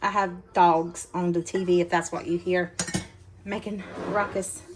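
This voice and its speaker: A woman's voice: on the low side, little pitch movement, a little slow, slight background noise. A woman hosting a casual cooking demonstration in her home kitchen, chatty and folksy, talking straight to her viewers. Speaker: cooking channel host. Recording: kitchen clatter of dishes and utensils.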